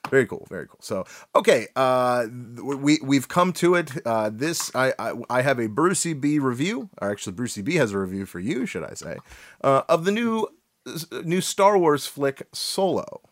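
A man hosting a casual podcast, laid-back and quick to laugh, with lots of hesitant fillers. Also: medium pitch, sing-song, no room sound, studio quality. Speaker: podcast host.

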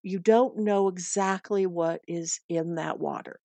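A woman's voice: fairly low pitch, unhurried, gravelly, warm tone, dry recording. Chatty middle-aged American woman, dry sound. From United States. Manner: chatty, repeats herself, earnest. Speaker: dog walker giving pet tips. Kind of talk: casual advice talk.

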